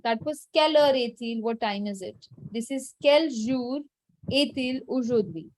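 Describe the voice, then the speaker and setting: Patient woman teacher drilling words slowly. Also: fairly high pitch, darkish tone, no room sound, low-quality recording. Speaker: French teacher. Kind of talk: live online language class.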